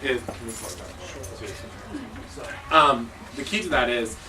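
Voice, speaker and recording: A man's voice: mid-range voice, takes it slowly. A man, a cheer coach and judge, giving a casual, joking staff training talk in a gym meeting room. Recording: distant mic with noisy background.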